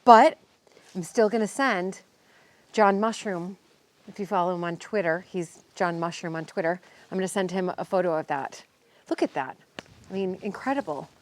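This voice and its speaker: A woman's voice: lowish voice, moderate pace. An American woman giving a casual, chatty vlog tour of her estate outdoors and talking into a handheld camera. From United States. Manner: chatty, bubbly, exclamatory. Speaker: vlogger touring her estate. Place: outdoors on a country estate, then a church.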